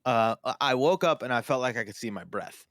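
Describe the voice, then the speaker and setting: A man's voice: medium pitch, lively intonation, a little fast, a bit bright, no echo, studio quality. A man co-hosting a casual live-stream show, rambling through his story with many fillers. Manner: rambling, lots of fillers and restarts. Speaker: co-host.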